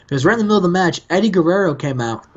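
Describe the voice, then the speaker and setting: A man's voice: high-pitched, expressive, rapid-fire. A man hosting a casual gaming commentary, joking and acting out characters as he plays. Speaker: host. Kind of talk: casual let's-play commentary. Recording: dull lo-fi mic.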